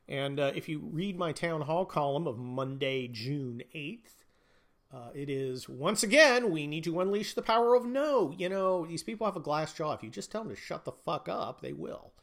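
A man hosting a podcast, ranting about politics in a profane, sneering, mocking way. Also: fairly high pitch. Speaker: podcast host.

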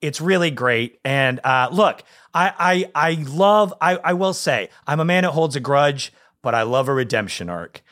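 A man co-hosting a casual gaming chat show, excitable and rambling, his voice leaping up when he gets animated. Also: mid-range voice, normal speed, few pauses. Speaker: podcast co-host.

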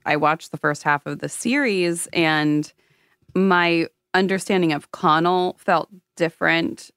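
A woman in a casual book discussion, speaking in a reflective, measured way. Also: lowish voice, a bit bright, clean tone, dry recording, studio quality.

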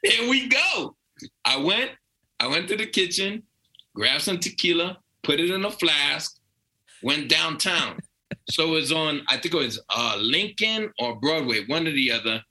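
Comedian guest, New York accent; bright, lively, acts out every quote. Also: male voice, on the high side, moderate pace, low-quality recording. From Brooklyn/Long Island, New York. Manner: animated, acts out quoted voices. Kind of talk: casual storytelling.

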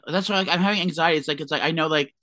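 A man's voice: fairly high pitch, bright, forceful tone, no room sound. A man co-hosting a podcast, chatting casually and telling dramatic gossipy stories. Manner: fast, gossipy, dramatic storytelling. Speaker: podcast co-host. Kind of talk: casual chat.

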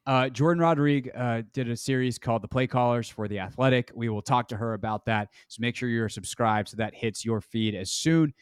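A man's voice: medium pitch, a little fast, hardly any pauses, clear, resonant tone, dry recording, clean studio sound. A man hosting a sports podcast, chatting casually and rambling with lots of "um" and "like". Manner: rambling, heavy on "um" and "like". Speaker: sports radio and podcast host.

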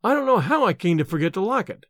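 A man voicing a nervous young student who stammers and rushes out evasive excuses. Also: high-pitched, very animated, no room sound, studio quality.

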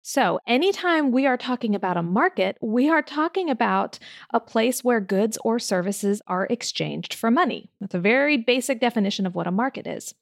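A woman's voice: fairly high pitch, gravelly, no echo, studio quality. A woman hosting her own coaching podcast, talking straight to the listener in an upbeat, friendly way. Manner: warm, upbeat, direct address to listener. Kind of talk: solo podcast talk.

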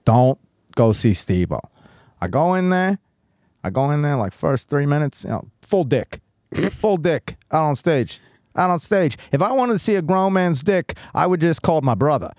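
A man's voice: fairly high pitch, big pitch swings, moderate pace, darkish tone, dry recording. A man telling a long rambling story as a podcast guest, with lots of swearing and "like". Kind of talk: casual chat.

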